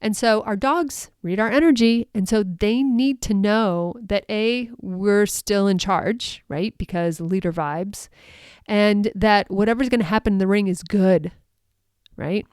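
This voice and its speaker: A woman's voice: medium pitch, unhurried, a little mellow, smooth, no echo, clean studio sound. A woman coaching dog sport handlers on her podcast, chatty and upbeat, with many fillers and frequent laughter. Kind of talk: solo coaching podcast talk.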